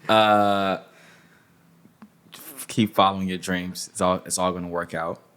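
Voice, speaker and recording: A man's voice: deep voice, little pitch movement, measured pace, a bit bright, clean tone. A man talking casually as an interview guest, loose and profane, with lots of "like" and "you know.". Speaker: music industry guest.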